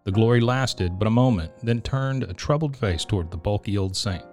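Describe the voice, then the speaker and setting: A man reading a children's Christmas story aloud in a gentle, measured way. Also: lowish voice, lively intonation, faint music behind. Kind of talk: storybook narration.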